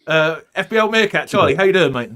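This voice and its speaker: A man's voice: fairly high pitch, lively intonation, quick pace, fairly bright tone. A man hosting a casual live podcast chat, joking and rambling, with lots of ums and uhs. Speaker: podcast host.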